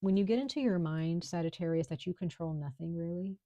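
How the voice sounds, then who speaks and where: A woman's voice: on the low side, fairly quick, dark tone, no room sound. A woman giving a casual tarot reading in a chatty, reassuring way, full of fillers, at home. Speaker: tarot reader.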